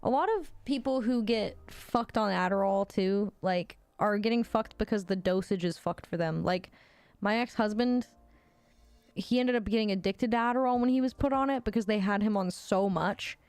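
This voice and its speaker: A woman's voice: medium pitch, moderate pace, darkish tone, clear, resonant tone, dry recording. A woman in her thirties livestreaming, chatting casually with viewers and reading their messages, blunt and swearing freely with frequent laughs.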